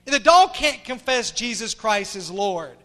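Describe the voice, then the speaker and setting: A middle-aged man preaching a sermon as pastor, impassioned, dropping to hushed tones and rising to shouts. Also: high voice, very animated, unhurried.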